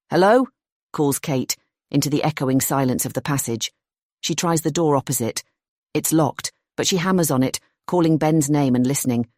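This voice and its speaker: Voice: medium pitch, darkish tone, no echo. Dry, tense thriller narrator. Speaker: audiobook narrator.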